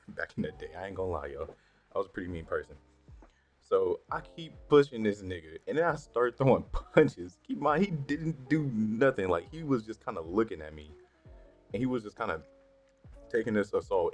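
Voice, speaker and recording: Young man with a very low voice, profane casual storyteller, light music behind. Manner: profane, slangy, animated when worked up. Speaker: storytime vlogger. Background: faint background music.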